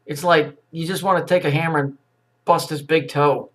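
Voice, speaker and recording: Swearing freely and full of sarcastic jeers, a man mocks a series of news clips in a crude, ranting commentary. His somewhat high male voice keeps fairly even intonation at a normal speed.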